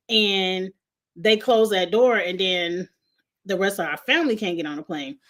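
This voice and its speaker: A woman's voice: medium pitch, normal speed. Laughing woman vlogger telling a story. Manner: lively, slangy, laughs often through the story. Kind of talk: casual comedic storytelling.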